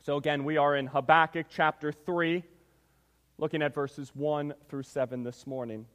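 A man serving as pastor delivers a sermon in a church sanctuary, reading scripture and leading prayer. His voice sits high for a man, and he preaches with emphasis, often calling out to the congregation. A long reverb from the hall lingers behind every phrase. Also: fairly even intonation, normal speed, fairly bright tone.

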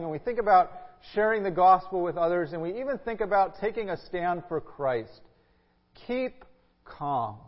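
A male pastor reading scripture aloud and then preaching a sermon in an earnest, measured way, with frequent filler sounds. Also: high voice. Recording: echoey hall, dull lo-fi sound.

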